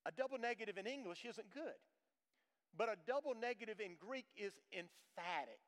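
An older man preaches in a high voice, emphatic and folksy, leaning on homespun stories. His sermon rings out with the long reverb of a large church hall. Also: animated, normal speed. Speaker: pastor. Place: church sanctuary.

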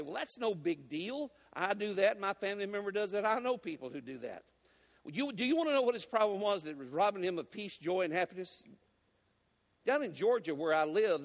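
A man preaching a sermon as a guest, folksy and animated as he tells stories and teases the congregation. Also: high-pitched, big-room sound. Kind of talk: sermon with storytelling. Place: church sanctuary.

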